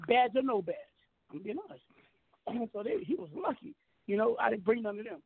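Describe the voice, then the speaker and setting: A man's voice: extremely high pitch, lively intonation, a little fast, gravelly, husky, no echo, phone-quality sound. A man telling a heated story on a talk show, boastful, profane and emphatic.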